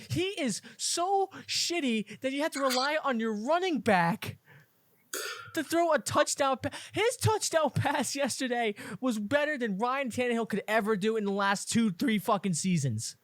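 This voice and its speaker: A man's voice: very high voice, lively intonation, moderate pace, fairly bright tone, dry recording. A young man co-hosting a sports podcast, ranting angrily and swearing constantly in casual chat. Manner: angry profane ranting. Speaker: podcast co-host.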